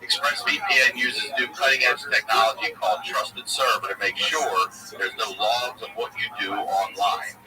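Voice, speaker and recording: A man hosting a podcast, reading a sponsor ad in a brisk, casual manner. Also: lowish voice, over loud music. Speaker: podcast host. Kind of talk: read sponsor ad. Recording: distant mic, loud background noise.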